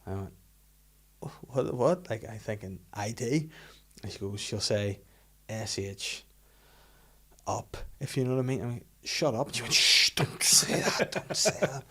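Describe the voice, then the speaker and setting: A man's voice: medium pitch, expressive, a little slow, pauses often, husky. Man, 30s, podcast host; casual, laughing storyteller. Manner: storytelling, laughs often, swears freely. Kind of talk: casual chat.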